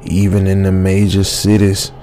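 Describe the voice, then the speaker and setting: A man voicing an intense old male vampire hunter who speaks in a slow, low, solemn way. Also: completely flat delivery, mellow, slight background noise. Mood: grave.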